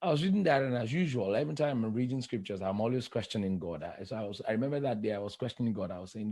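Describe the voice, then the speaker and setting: Gravelly-voiced man preaching in an interview. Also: mid-range voice, dark tone. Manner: emphatic, repeats key phrases slowly for effect. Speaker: guest, life coach and preacher. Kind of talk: podcast interview, preacherly storytelling.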